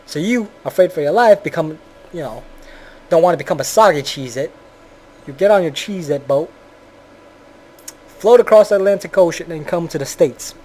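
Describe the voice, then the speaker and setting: A man's voice: fairly high pitch, animated, normal speed, long pauses, a little mellow. A man giving a blunt, profane, rambling commentary on a video game.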